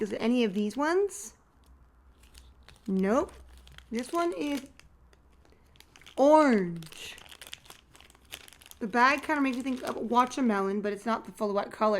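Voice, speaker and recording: Chatty woman vlogger, slightly high voice. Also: slow, long pauses. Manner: chatty, thinks aloud, excited squeals. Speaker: nail art vlogger. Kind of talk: casual unboxing and nail tutorial chat.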